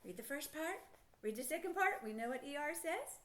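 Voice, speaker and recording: Middle-aged woman teacher, high and animated, coaxing a child through phonics with encouraging questions. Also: fairly quick, a little hiss or hum.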